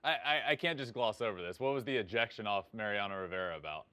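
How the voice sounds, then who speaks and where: A man hosting a casual baseball interview show, laughing often and asking relaxed questions. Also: fairly low pitch, fast, no echo. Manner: laughs easily, friendly questions. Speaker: podcast host.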